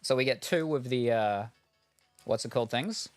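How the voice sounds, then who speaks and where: A man's voice: mid-range voice, moderate pace, faint music behind. A man chatting casually on a live stream while unboxing, rambling and chuckling between remarks, on a headset.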